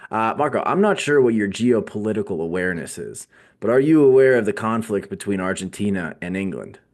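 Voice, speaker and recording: A man's voice: on the low side, lively intonation, a little fast, darkish tone. A man co-hosting a podcast, chatting casually and joking in a dry, mock-serious way. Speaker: podcast co-host. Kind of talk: casual chat.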